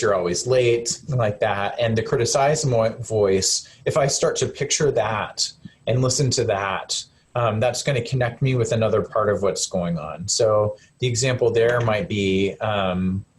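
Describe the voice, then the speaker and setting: Man, counselor, gentle webinar talk, lots of ums, computer mic, faint hiss. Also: lowish voice. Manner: gentle, conversational, many fillers and restarts. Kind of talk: live webinar presentation.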